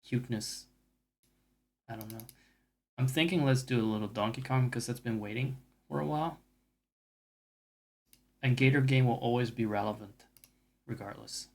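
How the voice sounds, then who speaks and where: A man's voice: medium pitch, moderate pace, creaky, pauses often. Rambling, cursing male game streamer. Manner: rambling and profane, with self-mocking asides. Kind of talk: casual chat while gaming.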